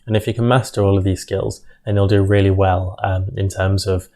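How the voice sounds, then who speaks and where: A man's voice: deep voice, flat delivery, fairly quick, dark tone. A young man teaching interview skills to camera, talking casually with many ums, repeated words and restarts. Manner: uses hand gestures while speaking. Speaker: medical school interview tutor. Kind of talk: instructional talk to camera.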